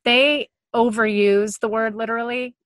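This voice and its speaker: A woman's voice: on the high side, steady tone, moderate pace, fairly bright tone, no echo. A woman in her forties co-hosting a podcast, chatting casually with a dry, teasing manner. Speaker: podcast co-host. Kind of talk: casual chat.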